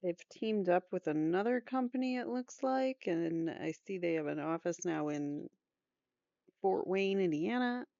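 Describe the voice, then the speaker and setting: A woman's voice: fairly low pitch, expressive, unhurried, vocal fry, mellow, no room sound, dull audio. A woman host reading aloud from a trial transcript, breaking off often with casual joking comments. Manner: reads both sides of testimony aloud, breaks off with joking asides and laughs.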